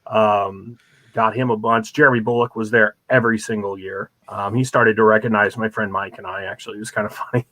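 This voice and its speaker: A man as a guest on a show, telling rambling, animated stories full of ums and uhs. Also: on the low side, brisk, dry recording. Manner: rambling, many fillers, animated storytelling. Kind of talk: casual chat, anecdotes.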